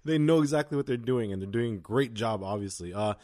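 A man's voice: medium pitch, expressive, brisk, mellow, dry recording, clean studio sound. A young man co-hosting a podcast, chatting casually with lots of fillers. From Los Angeles County. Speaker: podcast co-host. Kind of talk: casual chat.

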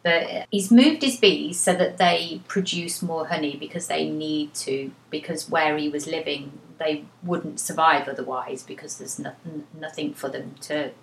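A woman co-host of a book club podcast, chatting casually and feeling her way with small fillers. Her voice is on the low side, and the room gives it a noticeable echo. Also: steady tone, unhurried, vocal fry, few pauses, slight background noise. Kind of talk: casual chat and reading aloud. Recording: echoey room.

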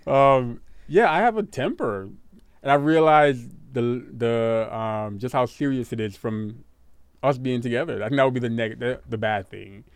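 A man's voice: medium pitch, moderate pace, smooth, no room sound. A man talking casually with his partner, rambling, often repeating words and laughing. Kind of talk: casual couple chat.

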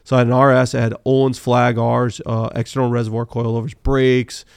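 A man telling animated, profanity-laced car racing stories as a podcast guest, full of fillers. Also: medium pitch, brisk, vocal fry, clear, resonant tone, no room sound, studio quality. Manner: animated, swears freely, many fillers. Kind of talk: casual storytelling interview.

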